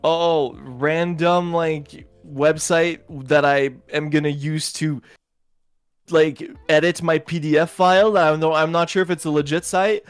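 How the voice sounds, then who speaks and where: A man's voice: on the high side, steady tone, a little slow, smooth, no room sound, soft background music. A man as a guest in a casual chat, rambling with lots of fillers and repeated words.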